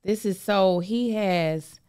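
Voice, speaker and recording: A woman co-hosting a casual comedy podcast, expressive and quick to laugh. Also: mid-range voice, smooth. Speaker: co-host.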